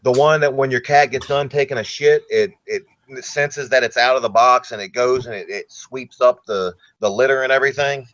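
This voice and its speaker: A man with a baritone voice and a light Southern American accent, a guest talking in a relaxed, rambling way over a remote call. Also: moderate pace, hardly any pauses, dull audio. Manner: relaxed, rambling, comfortable speaker. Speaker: interview guest. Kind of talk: casual interview talk.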